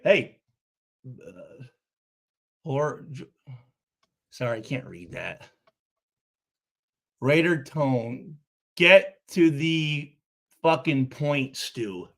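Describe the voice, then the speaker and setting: A man reading and reacting to viewer comments, cursing freely, stuttering and restarting his sentences. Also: fairly high pitch. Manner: profane, animated, repeats himself.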